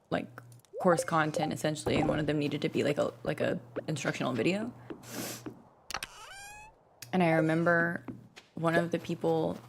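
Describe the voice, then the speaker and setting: A young woman streaming a game, chatting casually and rambling with lots of fillers and restarts, speaking into a desk mic on a boom arm. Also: slight background noise. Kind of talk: casual gaming stream chat. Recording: game music playing clearly behind.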